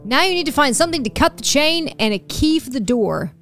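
A woman's voice: high-pitched, expressive, a bit bright, soft background music. A woman playing a video game with a friend, commenting casually and teasing her partner. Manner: bossy, teasing, quick to laugh. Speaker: co-player.

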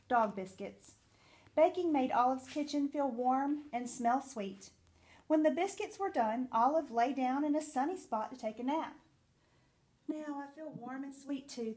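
A woman teacher reading a picture book aloud to children, in an expressive, sing-song storytelling manner. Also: high voice.

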